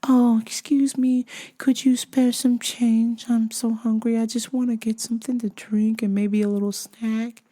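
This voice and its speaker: Lady doing a sweet-talking panhandler lady, slow and pleading. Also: a little high, level tone, mellow, voice pushed up.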